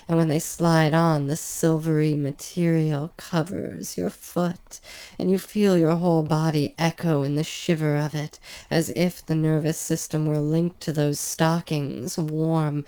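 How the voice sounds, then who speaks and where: A woman with a soft, lingering, sensual delivery, telling a hypnotic story in the second person. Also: low-pitched, flat delivery, a little slow, smooth, dry recording. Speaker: narrator.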